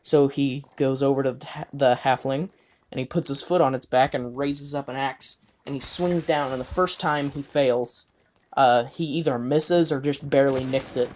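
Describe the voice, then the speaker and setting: Male storyteller, mid-pitched, rambling and chuckling, faint noise behind. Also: steady tone, normal speed, darkish tone. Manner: rambling, with frequent fillers and chuckles. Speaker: player recounting a game. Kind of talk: casual storytelling.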